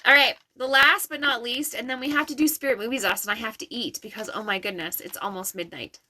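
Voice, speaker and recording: A woman doing intuitive readings for viewers on a live stream, in an affirming, chatty way with soft laughs. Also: on the high side, fairly even intonation, quick pace, slight background noise. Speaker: intuitive reader.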